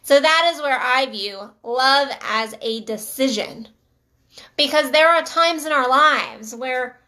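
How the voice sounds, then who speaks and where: A middle-aged relationship coach talks casually to her channel's camera, earnest and emphatic, often repeating herself for stress. Her voice sits high, bright and forceful.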